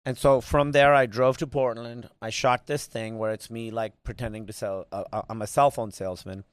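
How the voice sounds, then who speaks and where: A man's voice: mid-range voice, fairly even intonation, moderate pace, smooth, dry recording. A man from Pakistan, a comedian guest telling stories in a casual podcast interview, rambling with restarts and fillers.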